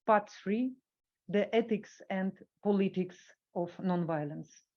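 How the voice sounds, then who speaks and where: A woman giving a workshop talk, reading an academic paper from a script and halting with fillers when she speaks off the cuff. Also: medium pitch, dull audio.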